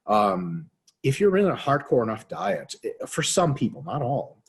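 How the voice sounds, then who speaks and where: A man's voice: mid-range voice, big pitch swings, measured pace, gravelly, husky. A man as a podcast guest who talks as a fitness scientist, in rambling, profane casual chat and acting out quoted voices. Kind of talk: casual interview talk.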